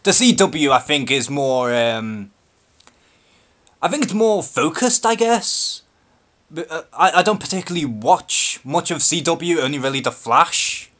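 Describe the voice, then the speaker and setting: A man's voice: on the high side, very animated, a bit bright. Nervous Scouse man answering live questions. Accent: Liverpool (Scouse). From Liverpool, England. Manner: nervous, hesitant, unscripted with many pauses. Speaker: YouTube channel host. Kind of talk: live-stream Q&A chat.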